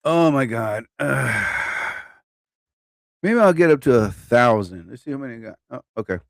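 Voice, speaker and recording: A man's voice: medium pitch, lively intonation, moderate pace, creaky, no room sound. A man hosting a live stream, ranting in a rambling, profane way and often repeating himself. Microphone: own desk mic.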